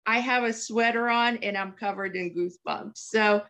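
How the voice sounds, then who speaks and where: A woman's voice: medium pitch, moderate pace. A woman born and raised in Russia, hosting an interview and responding with emotion to her guest's story. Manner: warm, emotional, affirming listener. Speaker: host. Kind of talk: interview conversation.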